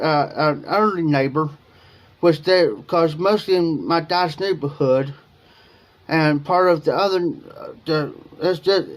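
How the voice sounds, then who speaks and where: A man hosting a livestream, telling a long personal story in a rambling way, repeating himself and quoting what was said. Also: fairly high pitch. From Ohio. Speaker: livestream host. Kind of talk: casual storytelling to viewers.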